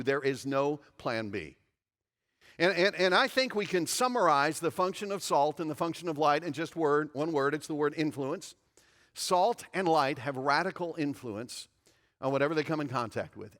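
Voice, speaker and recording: A man's voice: on the high side, fairly bright tone, big-room sound. A pastor in his fifties preaching a sermon in a church, emphatic and repeating phrases for stress. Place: church sanctuary.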